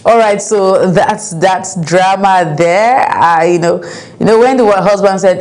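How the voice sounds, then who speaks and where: Woman ranting through the news, low-ish mellow voice, keeps repeating herself. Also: a little slow. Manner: emphatic, exasperated, repeats points. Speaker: news commentary host. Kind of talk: casual commentary on news and viewer comments.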